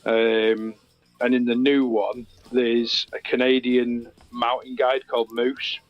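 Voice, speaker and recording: A man's voice: mid-range voice, little pitch movement, slow, no room sound, dull audio, faint music behind. A man, co-hosting in a casual chat, joking and telling rambling anecdotes. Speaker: co-host.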